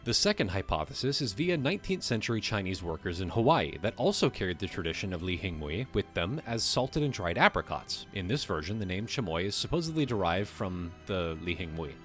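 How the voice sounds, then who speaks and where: A man's voice: sits low, very animated, brisk, few pauses, soft background music. A man hosting a livestream, reading a text aloud and breaking off to riff on it casually, swearing now and then. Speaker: livestream host.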